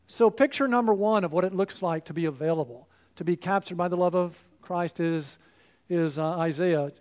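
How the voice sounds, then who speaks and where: Man, pastor, sermon, fairly high voice, earnest, fervent appeals. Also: normal speed, a little mellow.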